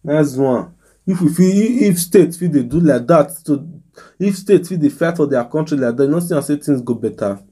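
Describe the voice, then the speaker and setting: A man's voice: a little high, lively intonation, moderate pace, mellow, breathy edge. A man with a Nigerian accent hosting a mock news show, giving casual, exasperated commentary full of rhetorical questions. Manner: exasperated, rhetorical, emphatic ranting.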